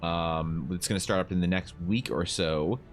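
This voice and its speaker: A man live-streams while he draws, talking at normal speed with faint music behind him. In casual stream chat, he reads viewers' messages and jokes and teases with them, his pitch swinging up and down.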